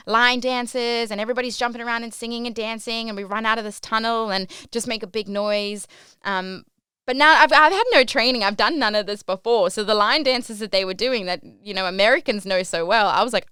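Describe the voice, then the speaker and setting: A woman's voice: mid-range voice, bright, forceful tone, clear, resonant tone, no echo, studio quality. A young woman from South Africa telling a casual vlog story about her work as a cruise ship entertainer, chatty and full of "like" fillers.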